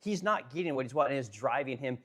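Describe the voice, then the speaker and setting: A man's voice: medium pitch, animated, fast, a bit bright. A man hosting a casual political live stream. He talks bluntly with lots of swearing and fillers. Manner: blunt, profane, filler-heavy. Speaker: live-stream host, furniture business owner.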